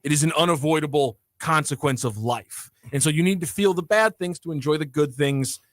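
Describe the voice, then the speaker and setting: A man's voice: on the high side, a little fast, dry recording. A man co-hosting a sports radio show from a studio, explaining his point at length in casual banter. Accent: St. Louis. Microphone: studio mic.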